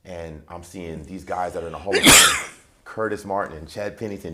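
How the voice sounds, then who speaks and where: This is a man with a very deep, low voice. He is a guest on a TV interview set, telling his personal story with animated energy. He acts out the other people's voices as he goes. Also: normal speed, a little hiss or hum. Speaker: transition coach, interview guest.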